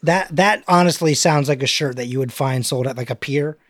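A man's voice: mid-range voice, dry recording, studio quality. A young man hosting a podcast in a casual way, reading his own recap notes and adding chatty asides. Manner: chatty, quick asides, plays voices for laughs. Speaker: podcast host. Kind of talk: casual chat and script read-through.

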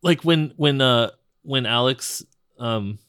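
A man's voice: medium pitch, slow pace, fairly bright tone, clear, resonant tone, no room sound, studio quality. A man co-hosting a podcast in casual chat, joking, laughing often and tripping over his words into a podcast microphone. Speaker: podcast co-host.

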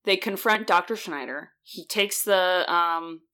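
A woman's voice: lowish voice, a little slow, bright, forceful tone. A woman co-hosting a casual podcast, chatting through a movie plot with dry jokes. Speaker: podcast co-host.

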